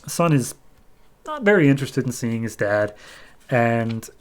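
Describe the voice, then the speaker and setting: A man with a medium-pitched voice retells a comic issue in loose, chatty podcast style. He strings the story together with frequent "he's like" asides, relaxed and conversational. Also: measured pace, smooth. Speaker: podcast host. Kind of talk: casual comic book recap.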